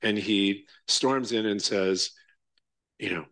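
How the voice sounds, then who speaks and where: A man's voice: on the low side, slow pace, fairly bright tone, no echo. A male Zen teacher giving a conversational dharma talk with many fillers, restarts and a frequent "right?".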